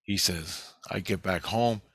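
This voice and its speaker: Low gravelly guy telling a story slow, swears a lot, dry close sound. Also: fairly bright tone, no room sound. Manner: profane, rambling. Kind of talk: casual storytelling.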